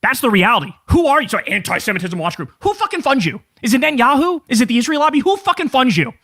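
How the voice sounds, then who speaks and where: A man rants at speed in a very high, lively voice, swearing freely and mocking his targets with sarcasm. The sound is close and dry, with no room around it. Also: fast, dry recording. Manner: profane, combative, sarcastic. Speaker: political commentator. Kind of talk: ranting political commentary.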